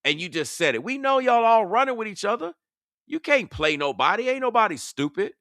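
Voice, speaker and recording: A man's voice: high-pitched, sing-song, brisk, fairly bright tone, dry recording, clean studio sound. Confrontational man calling out rivals. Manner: confrontational, preachy, mocking. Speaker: online commentator. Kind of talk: heated reaction commentary.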